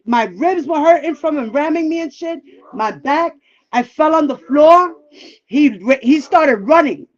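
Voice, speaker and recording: A woman with a high voice tells a personal story in a loose, candid way, swearing freely and acting out the lines of the people in it. Her voice comes through slightly muffled, like audio from a live stream. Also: a little mellow. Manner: candid and profane, acting out quoted dialogue. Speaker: livestream guest. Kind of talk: casual storytelling.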